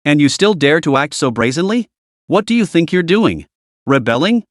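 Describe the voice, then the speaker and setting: Brief: a stern male executive who snaps and scolds, played by a male narrator, lively pitch, dry close sound. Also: moderate pace, no room sound. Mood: angry. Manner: cold, commanding.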